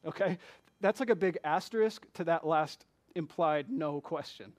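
A pastor with a notably high male voice preaches a conversational sermon at a moderate pace. He speaks to the congregation as a friend would, firing off rhetorical questions and leaping from hushed asides to loud, emphatic bursts.

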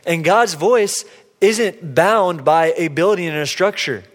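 A man preaching, telling a personal story with playful, lively quotes of himself and others. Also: high voice, takes it slowly. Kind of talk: sermon storytelling. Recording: long hall reverb.

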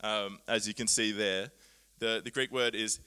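A man preaching a sermon, earnest and animated, often laughing at himself as he explains Bible words. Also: on the low side, a little slow, clear, resonant tone.

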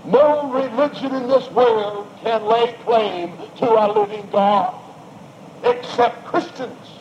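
A man's voice: very high-pitched, expressive, slow. Emphatic preacher man, lo-fi sermon recording. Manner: emphatic, rising and falling delivery with repetition. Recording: dull lo-fi recording with faint noise.

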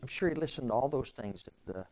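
A pastor preaching a sermon in a conversational way, with repeated phrases and strings of rhetorical questions. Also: male voice, medium pitch, animated, fast talker, a little mellow, poor audio.

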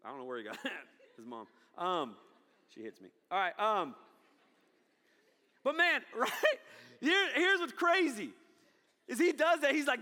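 A man in his thirties preaching a sermon with lots of energy, swinging from loud to hushed. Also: very high voice, sing-song, normal speed, long pauses, long reverb tail. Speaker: pastor.

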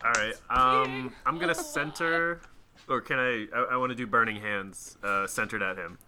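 A man playing a tabletop game, talking in halting bursts with lots of fillers. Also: mid-range voice, background noise. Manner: halting, trails off, filler-heavy. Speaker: player.

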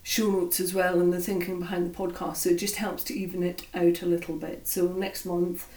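A woman with a Scottish accent co-hosting a podcast, speaking slowly and deliberately in a friendly, chatty way and laughing often. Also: fairly low pitch, level tone, mellow. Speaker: podcast co-host. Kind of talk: casual podcast chat. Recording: roomy sound from a distant mic.

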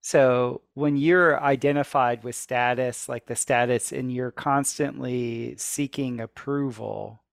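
Podcast host guy, slow and quiet, mostly mm-hmms, dead dry sound. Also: medium pitch, fairly even intonation, gravelly, dry recording. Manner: quiet listener, mostly short agreeing sounds. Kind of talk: casual podcast chat.

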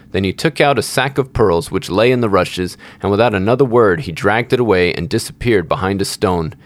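A man reading a fairy tale aloud as the show's storyteller, steady and measured. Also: lowish voice, dry recording.

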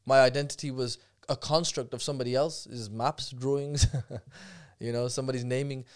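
A man, a podcast guest talking fast and animatedly, breaking off and restarting his sentences as he tells stories. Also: mid-range voice, fairly even intonation, clear, resonant tone. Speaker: guest speaker. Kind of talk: casual podcast conversation.

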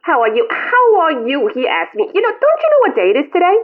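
A woman's voice: high voice, wildly swooping pitch, quick pace, pitched above the performer's own voice. A woman doing a whiny old mother on the phone. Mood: nagging. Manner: whiny, melodramatic, self-pitying. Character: guilt-tripping elderly mother on the phone. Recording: tinny phone line.

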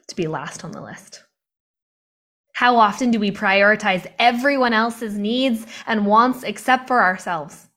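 A woman's voice: mid-range voice, fairly bright tone. A young woman in live online training mode, impassioned and confiding, talking into a video call mic and laughing often between points. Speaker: motivational coach.

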